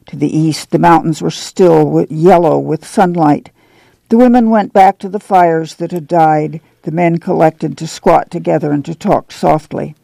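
A man reading a novel aloud as an audiobook narrator, measured and steady, correcting small slips as he goes. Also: fairly high pitch, creaky, dry recording. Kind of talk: scripted narration.

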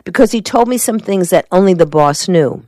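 A woman reading the part of a rough, blunt man in a storybook, with plain, ungrammatical speech. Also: lowish voice, animated, brisk, darkish tone, no echo, studio quality, pitched above the performer's own voice, close to an everyday voice. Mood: stubborn. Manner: blunt, plain-spoken grammar.

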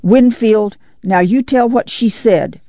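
A man reading aloud voices a practical farm mother giving brisk orders. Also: sits high, mellow, dry recording, muffled recording, voice pushed up. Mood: firm.

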